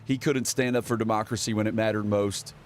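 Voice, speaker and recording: A man's voice: on the low side, steady tone, brisk, a little hiss or hum. A man giving casual, sarcastic political commentary, rambling and reading headlines aloud as a show host.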